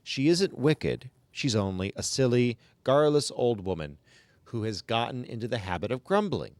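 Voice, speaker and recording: A man's voice: medium pitch, expressive, moderate pace, no echo, natural voice. A man voicing a troubled male narrator asking earnest, puzzled questions.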